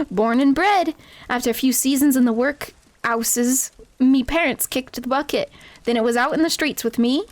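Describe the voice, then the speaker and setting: A woman's voice: high voice, unhurried. A woman reading the lines of a scrappy, cheeky male street-raised critter from a cozy game.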